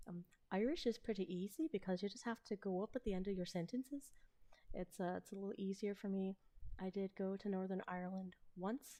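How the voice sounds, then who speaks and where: A woman with a Midwestern American accent, chatting casually and hesitantly on a live stream, now and then slipping into soft whispers. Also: medium pitch. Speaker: ASMR role-play streamer.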